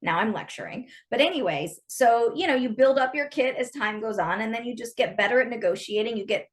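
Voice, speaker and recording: A woman's voice: on the high side, fairly quick. A woman guest explaining her film work frankly and at length in a casual interview. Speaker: guest, script supervisor.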